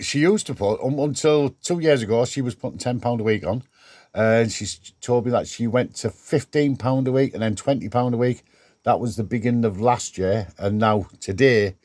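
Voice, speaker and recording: An older man vlogs from the workshop in his garden shed, talking to the camera in a chatty, rambling way and often restarting his sentences. His voice is medium in pitch and a little mellow, and the studio-quality recording has no echo. He is a DIY vlogger doing a casual vlog.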